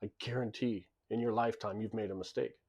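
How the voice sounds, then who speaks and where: A man's voice: lowish voice, steady tone, fast, darkish tone. A man who owns a club tells stories in a casual monologue, blunt and emphatic, often repeating words as he restarts sentences. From lives in Japan. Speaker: club and bar owner.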